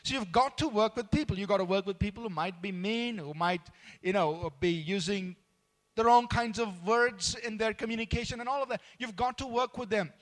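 A man's voice: sits high, brisk. A man preaching in a conversational, earnest way, with frequent fillers and restarts. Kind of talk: sermon on workplace conduct.

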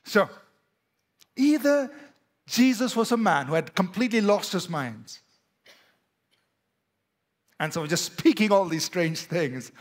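A pastor with an Indian English accent, preaching a sermon to a church with emphatic, rising and falling delivery. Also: male voice, high-pitched, expressive, slow pace, long pauses.

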